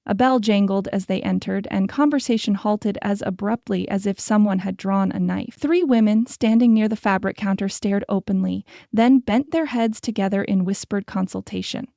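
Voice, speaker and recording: A woman narrating a historical romance audiobook in a steady, scripted storytelling manner. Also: mid-range voice, moderate pace, gravelly, hardly any pauses, no room sound, studio quality.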